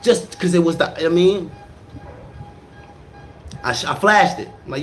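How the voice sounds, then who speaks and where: A man with a slightly higher voice tells a rough story in casual, slangy talk. He drops to low mutters for asides, then bursts out loud on the action. He stutters and repeats words as the story runs away with him. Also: unhurried, long pauses, soft background music. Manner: animated, jumps from low mutters to loud outbursts.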